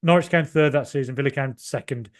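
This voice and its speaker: Podcast host, man in his forties, passionate and rambling, jumping from loud outbursts to mutters. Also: mid-range voice, quick pace. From Ireland. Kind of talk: excited solo match reaction.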